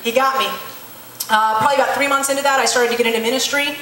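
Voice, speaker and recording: A woman's voice: a little high, steady tone, quick pace, crowd noise. A woman in her late twenties gives a candid personal testimony in church as a missionary. She tells her story plainly, acts out the dialogue and uses frequent ums. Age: late 20s. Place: large church hall. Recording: echoey hall, heard from far off.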